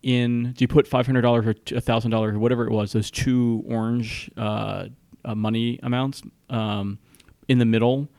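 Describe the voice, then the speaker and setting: A man speaking in casual chat at a middling pitch, feeling his way through sentences with pauses and restarts. His tone stays relaxed and conversational. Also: creaky. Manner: hesitant, many fillers and restarts.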